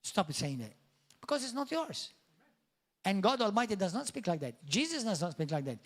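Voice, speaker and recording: A man's voice: high-pitched, very animated, normal speed. A man preaching a sermon as pastor, in an emphatic, declamatory style that builds to exclamations. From Malta.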